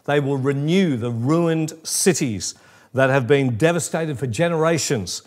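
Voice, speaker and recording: A man's voice: on the high side, measured pace. Man, pastor, middle-aged, sermon, conversational, humorous asides.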